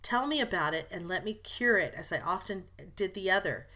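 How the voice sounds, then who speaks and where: A woman reading the lines of a spirited young woman who scolds briskly and comforts her sister tenderly, in an audiobook. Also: medium pitch, expressive, sharp tone.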